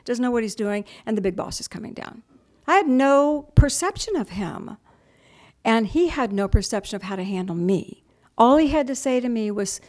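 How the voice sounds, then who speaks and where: A middle-aged woman giving a spiritual talk to a group in a chatty storytelling manner, acting out other people's voices and dropping into soft whispers on key points. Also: a little high. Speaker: spiritual teacher.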